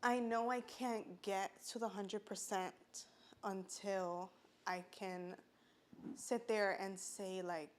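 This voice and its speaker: A woman's voice: medium pitch, fairly even intonation, slow. Podcast guest type: a woman with a mid-range voice telling her story earnestly and plainly. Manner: earnest, filler-heavy, fighting back tears at times. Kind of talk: casual personal testimony.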